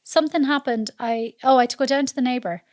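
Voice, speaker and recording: Chatty Irish woman with a bright voice. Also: high-pitched, quick pace, no echo, studio quality. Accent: Irish, Mayo. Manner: lively, chatty, often laughing. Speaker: podcast guest. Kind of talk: casual storytelling chat.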